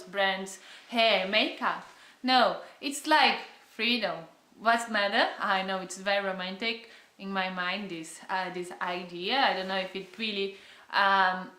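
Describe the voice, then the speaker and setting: Bright Brazilian woman vlogging. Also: medium pitch, roomy sound. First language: Portuguese. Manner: chatty, searching for words, frequent fillers. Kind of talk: casual chat to camera.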